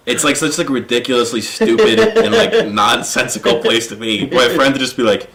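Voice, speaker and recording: Lively bright-voiced young man. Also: mid-range voice, normal speed, few pauses, a little hiss or hum. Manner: animated, laughs often, acts out quotes. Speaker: stand-up comedian guest. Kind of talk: casual podcast chat.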